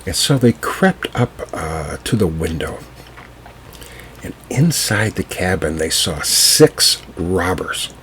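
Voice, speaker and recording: A man telling a folk tale to listeners, unhurried, with small fillers and restarts. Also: low voice, big pitch swings, fairly bright tone, a little hiss or hum. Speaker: storyteller.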